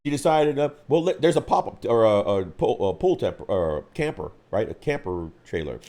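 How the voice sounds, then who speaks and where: A man co-hosting a live stream, telling a gaming story in an animated way, acting out voices and screams. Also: on the low side, normal speed. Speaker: co-host of a hobby live stream.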